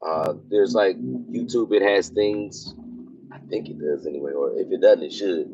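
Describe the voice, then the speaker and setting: Speaking at a moderate pace in a low, creaky voice, a military officer vlogs casually as he drives onto a base, rambling with many fillers. There's noisy background sound, and the recording is dull and lo-fi.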